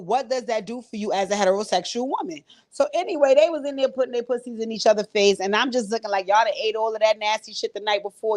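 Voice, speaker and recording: A woman hosting her own channel, recapping a reality show in a blunt, profane, animated style, laughing often and talking straight to her viewers. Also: mid-range voice. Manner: frequent laughs and direct address to viewers. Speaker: host.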